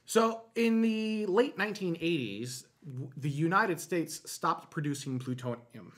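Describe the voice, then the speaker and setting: A man's voice: a little high, animated, a little slow, fairly bright tone. Chatty male space-show host. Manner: chatty, explains space news with fillers and restarts. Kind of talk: casual live show chat.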